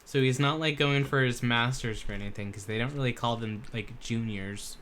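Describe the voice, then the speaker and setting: A woman's voice: very deep voice, normal speed, a bit bright, slight background noise. A woman streamer chatting casually and laughing while playing a game.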